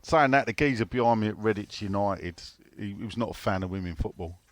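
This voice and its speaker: A man's voice: fairly low pitch, a little fast, dry recording. A man co-hosting a casual football podcast, swearing freely and reading out listener questions. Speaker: podcast co-host.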